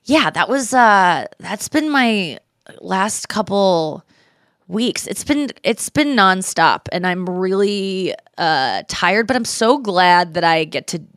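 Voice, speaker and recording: Thirties woman host, casual and animated, mid-pitched, dry studio sound. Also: slow, no room sound. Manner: animated storytelling, quotes people in voices. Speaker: podcast host. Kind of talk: casual chat.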